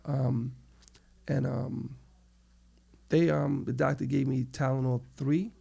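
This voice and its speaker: Middle-aged New York man, very gravelly, animated storyteller in a casual interview. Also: mid-range voice, takes it slowly. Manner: animated storytelling, acts out quoted people. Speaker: interview guest.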